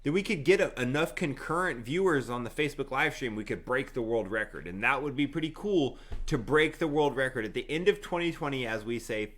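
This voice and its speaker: A man's voice: mid-range voice, lively intonation, brisk, hardly any pauses, a bit bright. A middle-aged man hosting a casual live stream, promoting an event in an upbeat, easygoing way. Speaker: host, rapper.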